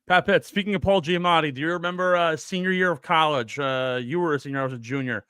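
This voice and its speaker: A man in his twenties telling rambling stories in a casual chat, with animated bursts. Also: fairly high pitch, quick pace, clear, resonant tone, no echo, clean studio sound. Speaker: panelist.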